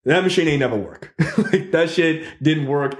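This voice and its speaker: A man with a slightly high voice hosts a podcast in loose, casual chat. He tells his story in an animated way, swears freely and keeps asking "right?" The recording sounds roomy and echoey. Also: normal speed. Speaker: podcast host. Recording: roomy echo.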